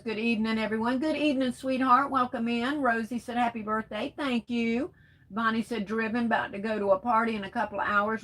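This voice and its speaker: A woman's voice: medium pitch, fairly bright tone, poor audio. A woman hosting a casual live stream, reading viewer comments aloud and answering them with pet names like baby and sweetheart in loose, folksy talk.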